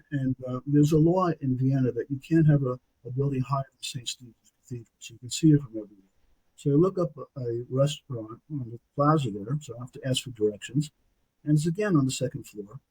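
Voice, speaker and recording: A man in his sixties from Brooklyn with a New York accent, telling a personal story as a podcast guest, animated and anecdotal, tagging lines with "okay?". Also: mid-range voice, husky, low-quality recording.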